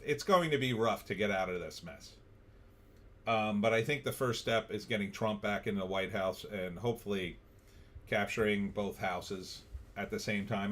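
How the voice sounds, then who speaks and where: A man's voice: fairly low pitch, a bit bright. Blunt, sarcastic man on a livestream. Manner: blunt, sarcastic, reads chat comments aloud. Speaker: livestream host. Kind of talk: political commentary livestream.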